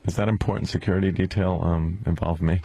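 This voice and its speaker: A radio co-host in a studio, tossing off dry wisecracks in casual banter. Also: male voice, sits low, steady tone, quick pace, dark tone, a little hiss or hum.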